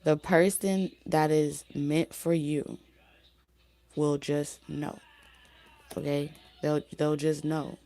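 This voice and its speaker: Low, dark-voiced woman reading tarot. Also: level tone, slow, pauses often. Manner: loose, repetitive, with frequent fillers and restarts. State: losing her voice. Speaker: tarot reader. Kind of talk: casual spoken tarot reading.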